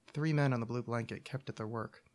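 A podcast host reads a short story aloud. He narrates in an even, deadpan manner at an ordinary middle pitch for a man. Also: fast. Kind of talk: story reading.

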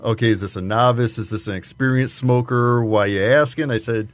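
A man's voice: mid-range voice, brisk. A man, a guest talking casually and at length about cigars, with many fillers and restarts. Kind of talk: casual chat.

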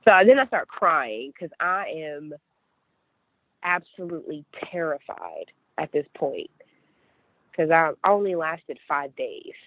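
A woman's voice: low voice, very animated, slow, dry recording. A young woman from West Virginia telling her own story in a chatty, earnest way, full of "like" and "you know". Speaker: guest sharing her story. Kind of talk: casual personal storytelling. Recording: tinny phone-like dry line.

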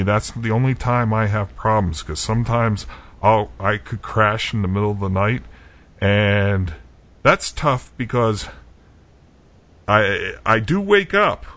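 A man co-hosting a podcast, talking casually with many restarts and fillers. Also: mid-range voice. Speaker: podcast co-host. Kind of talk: casual chat.

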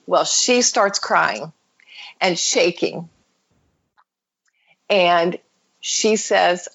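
A woman's voice: fairly low pitch, expressive, takes it slowly, pauses often, fairly bright tone, slightly rough, muffled recording. A woman guest telling an emotional personal story, acting out the voices of the people in it. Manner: vivid storyteller, acts out quoted voices. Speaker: podcast guest.

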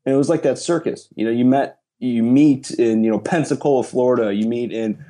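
A man's voice: medium pitch, brisk, dark tone. A man chatting casually, rambling and swearing, often laughing as he talks. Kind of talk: casual chat.

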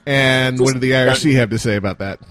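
A man hosting a casual internet radio show, teasing his callers with quick banter. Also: mid-range voice, crowd noise. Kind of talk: casual chat.

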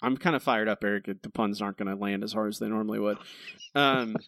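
A man's voice: lowish voice, fairly even intonation, fast, a bit bright, no echo, clean studio sound. A man co-hosting a casual podcast, ranting about a comic book with exasperation and mocking quoted voices. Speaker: podcast co-host reviewing comics. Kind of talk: casual chat.

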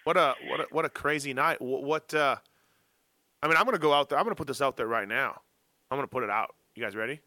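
A middle-aged man hosting a casual motocross chat, telling animated self-mocking stories. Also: medium pitch, fast, no room sound. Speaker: podcast host.

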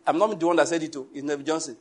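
During his sermon, a pastor laughs often and throws questions at the congregation. His slightly high, husky voice races along at a fast clip.

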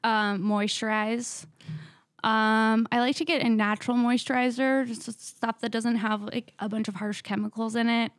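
A woman's voice: fairly high pitch, flat delivery, normal speed, dry recording, studio quality. A young woman co-hosting a podcast, chatting casually in a blunt, joking, profane way. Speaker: podcast co-host. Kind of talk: casual chat.

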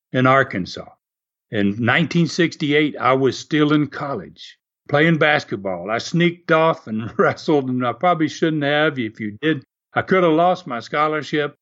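An older man, a former wrestler telling animated stories in an interview and laughing often. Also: mid-range voice, dull audio. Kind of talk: storytelling interview.

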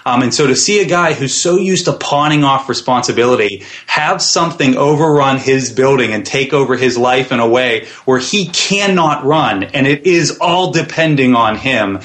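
A man's voice: medium pitch, moderate pace, few pauses, a bit bright. Man explaining his web series with many fillers. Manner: thoughtful, many fillers and restarts. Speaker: web series creator, interview guest. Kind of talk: podcast interview answers.

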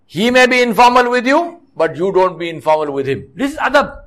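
A man's voice: high-pitched, sing-song, fairly quick, fairly bright tone. A middle-aged man preaching a sermon, telling stories with restarts and scolding his listeners with rhetorical questions. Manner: storytelling with frequent restarts. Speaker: mosque preacher.

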